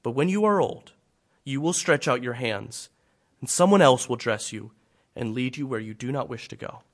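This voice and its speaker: A man preaching a sermon voices Jesus as a calm, tender teacher, speaking softly and slowly. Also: mid-range voice, close to an everyday voice. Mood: gentle. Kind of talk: dramatic scripture reading in a sermon.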